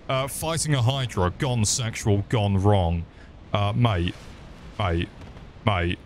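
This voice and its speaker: A man's voice: on the low side, slow pace, noisy background. A young man streaming a video game, cracking crude jokes, swearing freely and calling out to the monsters on screen. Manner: crude, joking, swears a lot and talks to the game's monsters. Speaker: gaming streamer. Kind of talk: casual gameplay commentary.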